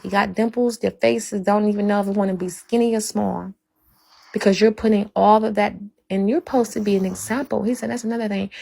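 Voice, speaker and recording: Woman livestreamer, preachy faith testimony, rough gravelly texture, fervent and direct. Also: mid-range voice, darkish tone, low-quality recording. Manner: fervent, repetitive, talks straight to viewers.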